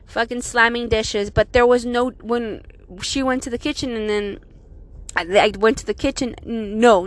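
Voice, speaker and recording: On a dry recording, a young woman whose voice is on the high side recounts a personal scary story in a casual way. Her telling is animated and full of swearing, with "like" used as a constant filler.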